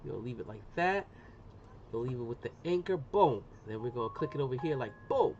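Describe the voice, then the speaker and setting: A middle-aged man chatting casually on a live stream as he demonstrates an engraving job, slangy and talkative, often saying "boom". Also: animated, brisk, darkish tone. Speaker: livestreamer doing laser engraving. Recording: muffled lo-fi sound with faint room noise.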